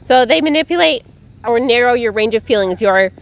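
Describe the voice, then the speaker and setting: A woman in a casual podcast conversation, her voice a little higher than most. She explains at length in a relaxed, chatty way, with plenty of "like" and "you know" along the way. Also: brisk. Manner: chatty, explanatory, frequent "like" fillers. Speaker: podcast co-host. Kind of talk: casual chat about cults.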